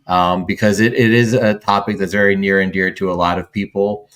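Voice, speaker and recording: A man hosting an interview, asking questions in a relaxed, hesitant way and sharing his own memories. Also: sits low, brisk, clear, resonant tone. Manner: relaxed, hesitant with fillers and brief laughs. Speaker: interview host. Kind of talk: conversational interview.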